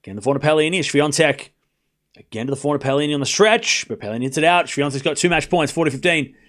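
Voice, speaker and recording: Calling a tennis match live for his watchalong stream, a bright, high-voiced man talks straight to his chat with slang and offhand remarks. He races through rallies and breaks into excited shouts whenever a key point lands.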